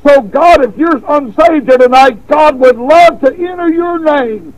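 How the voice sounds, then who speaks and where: A man preaching a revival sermon, telling a folksy story with repeated words, then stressing points with slow emphasis. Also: extremely high pitch, rough recording.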